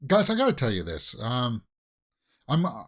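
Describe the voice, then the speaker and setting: A man's voice: medium pitch, huge pitch swings, normal speed, a bit bright. A man hosting a watch-along reaction video, giving casual commentary that swings into exasperated rants with repeated questions.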